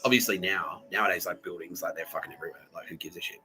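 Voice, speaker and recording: A man's voice: sits low, rapid-fire, sharp tone, low-quality recording. A man hosting a podcast, talking in a rambling, profane comedic monologue full of fillers and restarts. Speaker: podcast host.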